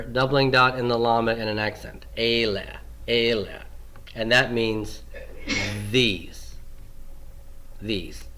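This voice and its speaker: A man lectures on Hebrew grammar at an unhurried pace. His voice is bright and clear, and he poses questions before answering them himself. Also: mid-range voice. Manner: asks questions and answers them himself, repeats key forms. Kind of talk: classroom lecture.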